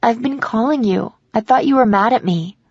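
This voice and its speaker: A woman's voice: a little high, normal speed, darkish tone, husky, dry recording, dull audio. A woman voicing an anxious, apologetic young college woman who talks earnestly. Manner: earnest, emotional.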